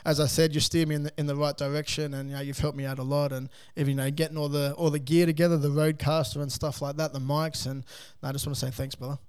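Laid-back Australian man, smooth voice. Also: a little high, little pitch movement, fast, a little mellow. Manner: laid-back, swears, laughs often. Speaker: podcast guest, coffee van owner. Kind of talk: casual interview chat. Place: home studio.

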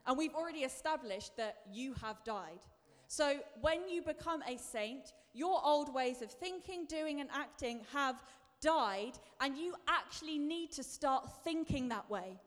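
High-voiced animated woman preaching in a hall. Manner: chatty, self-deprecating and animated, with bursts of emphasis. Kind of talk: sermon. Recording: long reverb of a large hall.

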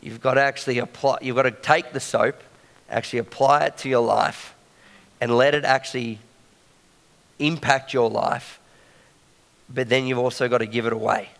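A man's voice: mid-range voice, steady tone, moderate pace, vocal fry, long pauses, a bit bright, long reverb tail. A man preaching a sermon in a conversational way, often checking in with the congregation.

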